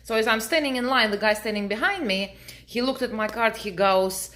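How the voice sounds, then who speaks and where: A middle-aged woman, native Russian speaker, telling a story to her camera in a dry, deadpan way. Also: a little high, fairly quick. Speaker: vlogger.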